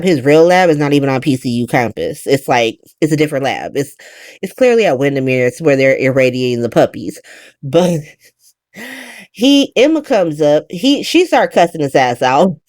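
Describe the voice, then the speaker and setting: A woman recaps a soap opera in animated slang and laughs her way through it. Her pitch jumps all over, and the close mic sounds dry. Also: normal speed, no echo. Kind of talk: casual recap chat.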